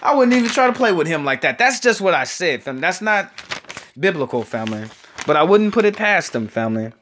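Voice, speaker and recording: A man preaching casually to his audience, rambling and emphatic, tacking "family" onto nearly every phrase and drawing out key words slowly. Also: high-pitched, very animated, a bit bright, slight background noise.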